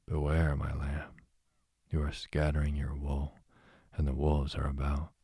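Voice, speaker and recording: Lively teasing young woman, as a deep-voiced man reads her. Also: slightly rough, dry recording, clean studio sound, heavily acted. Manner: slow, soft, even reading.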